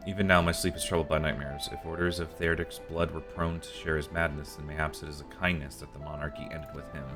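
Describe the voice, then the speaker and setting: A man voicing an old male royal scribe in a fantasy game, telling dark memories in solemn, archaic speech. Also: very deep voice, level tone, quick pace, over music.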